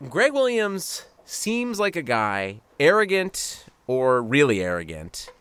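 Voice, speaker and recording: A man co-hosting a sports podcast, chatting casually and ribbing with animated sarcasm. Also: on the high side, takes it slowly, clean tone, no echo. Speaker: podcast co-host.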